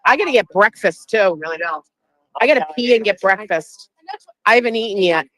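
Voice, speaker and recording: A woman's voice: medium pitch, expressive, moderate pace, a bit bright, no echo, poor audio. A woman from Massachusetts hosting a casual livestream outdoors, chatting and greeting people as she walks. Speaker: livestream host.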